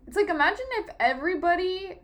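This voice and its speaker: Young female co-host with a bright high voice, loose and rambling. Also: lively intonation, quick pace. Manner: rambling, filler-heavy, swears freely. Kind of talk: casual chat.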